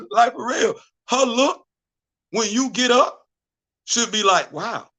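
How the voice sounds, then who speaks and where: A man's voice: very high-pitched, slow, pushed and bright. A middle-aged man hosting a casual livestream, talking in loose slang, stammering through repeated restarts and breaking into bits of song. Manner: repetitive, stammering restarts, sings snatches of songs. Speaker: host. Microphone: streaming setup.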